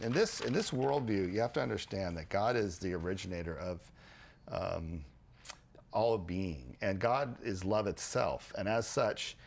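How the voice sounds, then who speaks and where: A man hosting a podcast, explaining ideas in a casual, animated way with frequent restarts and repeated words. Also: deep voice, gravelly, slightly rough. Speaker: podcast host.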